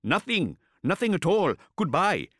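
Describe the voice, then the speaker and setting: A rattled young imagist, pushed high and loud, snapping short lines, as a male narrator plays him. His voice jumps about with nervous energy in this storybook scene, dry and close to the mic. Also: very animated, a little slow, no echo. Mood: agitated. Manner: agitated, loud and clipped. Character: young male imagist, tense, defensive, upset.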